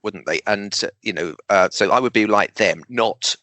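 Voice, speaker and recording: A man, a guest speaker and humorist, talking in a casual interview with animated emphasis, dry jokes and deliberate pauses. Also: fairly low pitch, no echo.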